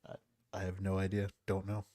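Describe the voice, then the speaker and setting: A man hosting a casual podcast, talking in a soft, calm, low-key voice into a close microphone. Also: brisk, a crowd in the background. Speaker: podcast host. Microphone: close studio mic.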